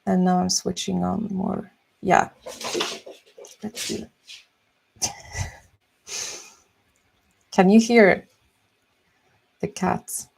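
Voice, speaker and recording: A young woman chatting softly and musing slowly while she draws on a live stream. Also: fairly low pitch, fairly even intonation, gravelly. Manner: soft-spoken, slow and musing. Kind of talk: casual chat while drawing.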